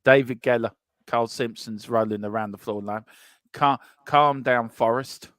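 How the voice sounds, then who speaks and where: A man's voice: medium pitch, steady tone, unhurried, fairly bright tone, no room sound. Guy co-hosting a footy fan podcast, jokey, reading out comments, dry close sound. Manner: jokey, reads out listener comments. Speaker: podcast co-host. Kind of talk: casual fan podcast chat.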